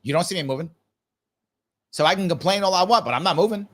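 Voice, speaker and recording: A middle-aged man hosts a live political discussion, speaking quickly in a voice that sits high. He is emphatic and animated, hammering his points home by repeating them.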